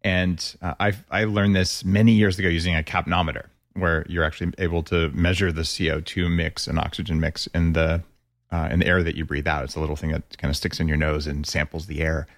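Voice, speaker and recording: A man's voice: extremely low pitch, dry recording, clean studio sound. A man hosting a podcast, chatting enthusiastically with his guest in a casual interview. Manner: enthusiastic, chatty, quickens when animated. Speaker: podcast host.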